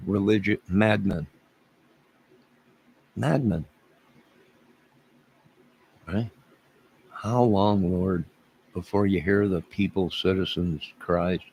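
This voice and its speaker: Low gravelly man around fifty ranting. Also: a little mellow. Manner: rambling, exasperated, repeats phrases. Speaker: livestreamer talking to his chat. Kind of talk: rambling livestream rant.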